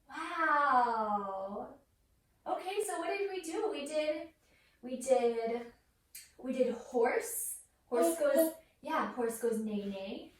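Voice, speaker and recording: A young woman leads a yoga class with a toddler at home, coaxing the child in a sing-song voice. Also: sits high. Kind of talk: playful class led with a toddler. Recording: roomy echo, voice from far off the mic.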